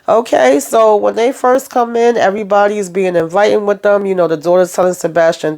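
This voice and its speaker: A woman's voice: on the low side, fairly quick, a little mellow. Chatty woman recapping a TV episode. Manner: chatty, acts out character lines, tags on "okay?" and "all right?". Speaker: TV episode reviewer.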